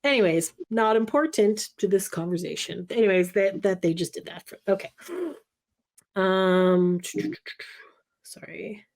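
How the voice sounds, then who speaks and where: A woman co-hosting a podcast, recapping another show in casual chat, full of fillers and quick asides. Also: mid-range voice, a little mellow. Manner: rambling, filler-heavy recap. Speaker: podcast co-host.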